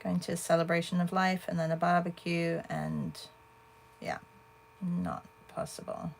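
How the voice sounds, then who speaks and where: A woman's voice: on the low side, level tone, measured pace, vocal fry, slight background noise. A woman hosting an art livestream, chatting casually and answering viewers as she paints. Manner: chatty, thinks aloud and answers viewers' comments.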